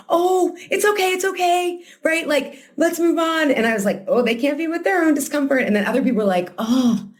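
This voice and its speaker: Woman host, lowish voice, casual teaching tone, leaps into playful quoted voices. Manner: animated, acts out quoted voices with big pitch jumps; frequent "like" and "right?" fillers. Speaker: podcast host and coach.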